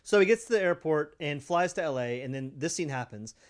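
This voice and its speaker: A man's voice: fairly high pitch, expressive, fairly quick. A man co-hosting a casual movie-review podcast, who makes wry, sarcastic remarks. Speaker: podcast co-host.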